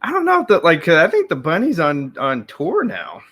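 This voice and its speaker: A man co-hosting a podcast, laid-back and quick to laugh, talking through his thoughts with many fillers. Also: a little high, huge pitch swings, a bit bright. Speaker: podcast co-host. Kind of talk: casual chat.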